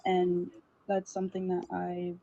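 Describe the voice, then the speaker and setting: Woman talking flat and even, muffled lo-fi audio, bit of hiss. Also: on the low side, unhurried, vocal fry. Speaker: contestant. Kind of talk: sharing a quote and a memory. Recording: dull lo-fi sound with faint noise.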